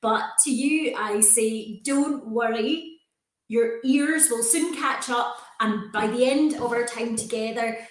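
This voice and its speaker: A woman's voice: medium pitch, reverberant, poor audio. A woman with a Scottish accent, a university recruitment manager, presenting in a friendly, reassuring way in a webinar.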